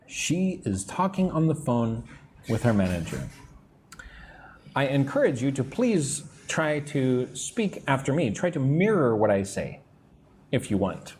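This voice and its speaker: A middle-aged American man teaching English on a live stream, answering chat comments and slowly modelling phrases for listeners to repeat. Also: medium pitch, sing-song, darkish tone, slight background noise. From United States. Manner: slow, careful modelling of phrases for repetition. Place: room in Vietnam.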